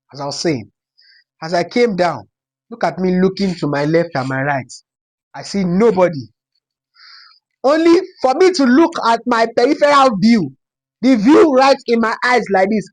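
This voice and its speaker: A young adult from Nigeria with a Yoruba-inflected Nigerian accent, telling a personal story in a casual, dramatic way and repeating phrases for effect. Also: medium pitch. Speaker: storytime vlogger.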